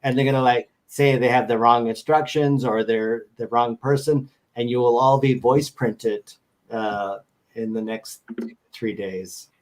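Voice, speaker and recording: A man's voice: medium pitch, steady tone, a little slow, a little mellow. A man chatting as a guest on a show, rambling and joking as he tells stories over a video call. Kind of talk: casual chat.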